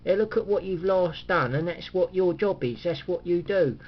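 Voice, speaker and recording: A man's voice: sits high, moderate pace, dull audio. A man rambling in a casual monologue, chatty and cynical, chuckling often and restarting his sentences. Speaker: vlogger.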